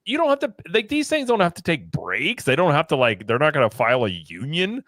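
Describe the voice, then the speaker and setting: A man co-hosting a casual livestream, reading viewer comments and riffing on them with jokes. His pitch jumps around a lot as he talks. The sound is dry and close. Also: fairly quick, no echo. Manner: joking, animated, reads viewer comments aloud. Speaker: podcast co-host reading chat.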